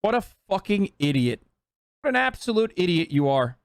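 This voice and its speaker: A man's voice: high voice, big pitch swings, normal speed, no room sound. A man in his thirties ranting and mocking in profane, casual live-stream commentary.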